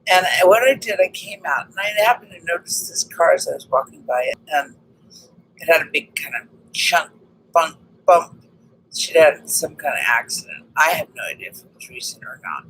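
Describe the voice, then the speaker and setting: A woman chatting straight to the camera about her day. Her pitch swoops widely as she acts out the back-and-forth, and a gravelly fry runs under her words. A faint hiss sits behind her. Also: moderate pace, rough recording. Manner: animated, re-enacts conversations, frequent restarts. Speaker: vlogger telling a personal story. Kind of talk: casual storytelling monologue.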